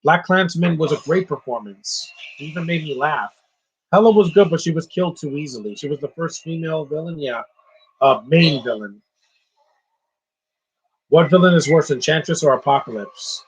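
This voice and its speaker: Opinionated man with a husky voice. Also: fairly high pitch, moderate pace, low-quality recording. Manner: opinionated, ranting. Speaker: film commentator. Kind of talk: casual live movie commentary.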